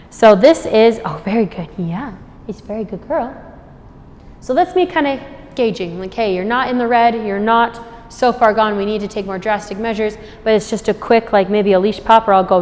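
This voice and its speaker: A woman dog trainer giving an instructional demonstration, explaining her steps and praising the puppy in a high, cheerful voice between explanations. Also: normal speed, big-room sound. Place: store, indoors.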